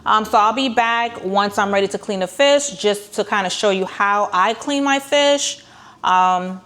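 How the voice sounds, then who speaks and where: This cooking channel host has a fairly bright, mid-range voice and keeps a measured pace. Her casual tutorial rambles along with plenty of ums and false starts, broken up by the occasional dry, sarcastic remark.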